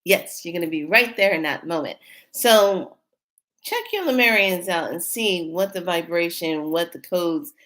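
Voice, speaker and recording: A woman with a slightly low-pitched voice talks straight to her viewers in a casual spiritual vlog. She rambles and restarts her sentences often, then gets excited and hurried as the story builds. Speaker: spiritual channel host.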